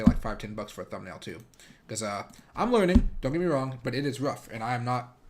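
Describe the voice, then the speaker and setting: A man talks loosely and casually on a livestream, rambling through his thoughts. He fills his sentences with filler words, and his pitch sits in an ordinary middle range. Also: slight background noise. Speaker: livestream host. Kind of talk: casual livestream chat with viewers.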